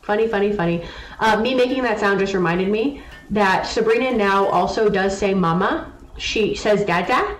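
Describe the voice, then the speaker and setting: A woman's voice: medium pitch, normal speed. Chatty woman streamer in an echoey room. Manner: chatty, reads chat aloud and answers teasingly. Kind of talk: casual live-stream chat while gaming. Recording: echoey room with faint noise.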